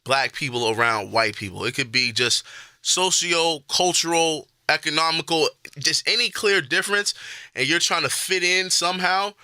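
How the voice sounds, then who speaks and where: A young man from the Boston area, co-hosting a podcast, arguing his point in a casual, slangy and animated way. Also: a little high, moderate pace, clean tone, no echo, clean studio sound. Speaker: podcast co-host. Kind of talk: casual debate chat.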